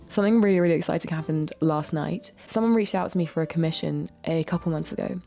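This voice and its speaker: A woman vlogging in her home kitchen, chatting in a rambling way with quiet asides. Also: on the low side, vocal fry. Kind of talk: casual chat.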